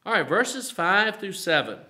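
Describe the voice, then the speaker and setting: A man's voice: high voice, very animated, measured pace, bright, forceful tone. A man with an Appalachian Southern accent, a pastor leading a mid-week Bible study in a conversational way, full of "you know" fillers and rising to emphatic declarations. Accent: Appalachian Southern American.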